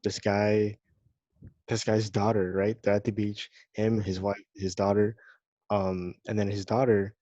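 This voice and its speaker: A man's voice: fairly low pitch, little pitch movement, measured pace, dark tone, no echo. A young man on a casual podcast, laid-back and hesitant, starting to describe a movie. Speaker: podcast co-host. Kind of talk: casual chat. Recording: dull lo-fi sound.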